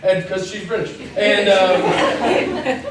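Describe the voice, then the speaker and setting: A man with a high voice gives a chatty, joking sermon and slips into little voices for the people in his stories. He is heard from a distance, in a very echoey church hall with faint noise behind him. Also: expressive, takes it slowly. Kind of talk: casual sermon.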